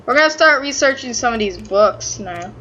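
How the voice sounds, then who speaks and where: A woman casually commenting on her own gameplay, excitable and swearing freely as she talks back at the game. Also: fairly high pitch, moderate pace, highs cut off, slight background noise. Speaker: gaming channel host. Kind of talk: casual let's-play commentary.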